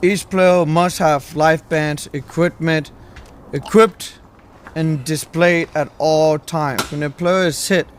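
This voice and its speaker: A man reading a list of rules aloud on camera, halting and stumbling over words. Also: on the high side, fairly even intonation, a little hiss or hum.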